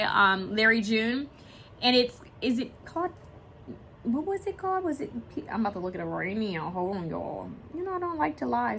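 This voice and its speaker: A woman giving a casual pick-a-picture card reading, chatty and rambling, often pausing to search aloud for a word. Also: a little high, sharp tone, a little hiss or hum. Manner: swears and laughs casually while talking. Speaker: tarot card reader.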